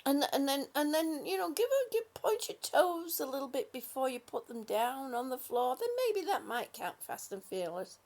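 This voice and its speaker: A woman's voice: high voice, sing-song, normal speed, few pauses, a little mellow. A woman hosting a casual livestream, chatting affectionately with viewers and calling them honey and sweetie. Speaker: livestream host. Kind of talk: casual livestream chat reading viewer comments.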